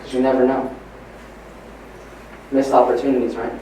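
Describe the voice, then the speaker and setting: A man giving a motivational training talk at a live event, telling stories and moving between hushed and emphatic delivery. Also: mid-range voice, little pitch movement, moderate pace, a little hiss or hum. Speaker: motivational speaker. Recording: echoey live hall recording from far off.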